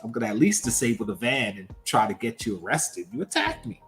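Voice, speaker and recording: A man co-hosting a livestream, talking casually about pop culture in an animated, emphatic way full of rhetorical questions. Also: mid-range voice, a little fast, soft background music. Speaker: livestream co-host.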